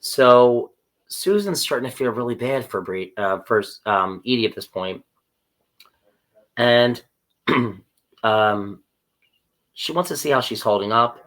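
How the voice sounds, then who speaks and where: A man in casual podcast conversation, retelling a TV episode scene by scene. His voice sits at a middle pitch. He slips into the characters' lines with an animated, storytelling manner. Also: takes it slowly, pauses often. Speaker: podcast co-host. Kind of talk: casual chat recapping a TV episode.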